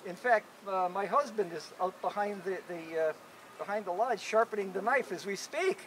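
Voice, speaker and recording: A man's voice: high voice, moderate pace, a bit bright, slight background noise. A man putting on a sly, sweetly polite coyote wife. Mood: falsely sweet. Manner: sweetly polite, falsely welcoming.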